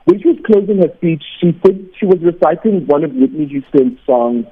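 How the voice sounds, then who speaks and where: A man, a teacher and radio host, calling in to tell an animated story and acting out the people in it. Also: fairly high pitch, fairly quick, husky. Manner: animated anecdote, acts out quoted voices. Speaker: teacher and weekend radio host, phone guest. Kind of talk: storytelling on a phone call. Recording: tinny phone line.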